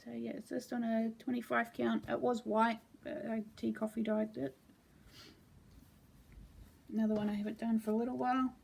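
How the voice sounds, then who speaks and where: A woman's voice: a little high, moderate pace, vocal fry, long pauses, slightly rough. A woman casually showing her cross-stitch projects at home, rambling with frequent ums. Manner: relaxed, meandering, with frequent ums. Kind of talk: casual show-and-tell chat.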